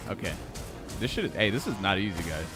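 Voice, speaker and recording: A man's voice: low voice, big pitch swings, quick pace, over music. A man streaming and chatting casually, laid-back and joking, swearing now and then. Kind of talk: casual live-stream chat.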